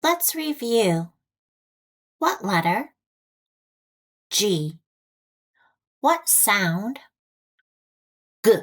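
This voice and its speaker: Very slow, deliberate American woman teacher. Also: mid-range voice, sing-song, fairly bright tone. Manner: deliberate, repeats each word with long pauses. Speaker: ESL teacher. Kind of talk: slow, clearly enunciated phonics lesson.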